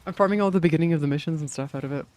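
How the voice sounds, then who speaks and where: A man's voice: fairly high pitch, racing, darkish tone. A young man streaming a game in casual chat, rambling with many fillers, swearing and laughing often.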